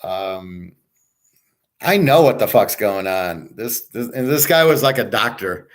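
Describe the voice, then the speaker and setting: A man's voice: fairly low pitch, expressive, unhurried. Blunt, boastful middle-aged man ranting. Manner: blunt, boastful, rambling, profane. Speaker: sports betting tipster and host. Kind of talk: casual ranting monologue.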